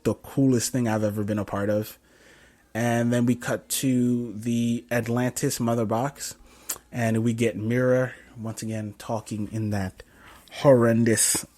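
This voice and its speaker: A young man casually reviewing a film scene by scene, rambling with lots of fillers and self-corrections. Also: mid-range voice. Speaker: podcast host reviewing a film.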